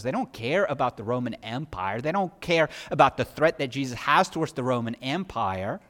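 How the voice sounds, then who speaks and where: A man delivering a sermon in a fairly high voice, often putting questions to his listeners. He moves between hushed, reflective stretches and loud, emphatic ones. His voice carries a long reverb, as in a large hall. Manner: builds from quiet reflection to loud, rising emphasis; asks the listeners rhetorical questions. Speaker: preacher.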